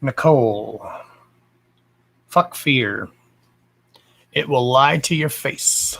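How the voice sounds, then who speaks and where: A Texan-accented man hosts a casual psychic live stream, chatting freely, calling viewers by endearments, and swearing offhandedly. His medium-pitched, fairly bright voice is very slow, with vocal fry and long pauses, on a low-quality recording.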